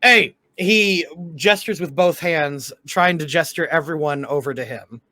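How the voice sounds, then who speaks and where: A man's voice: on the high side, a little slow, pushed and bright, dry recording. A man running a tabletop game as dungeon master, narrating with many stumbles and restarts.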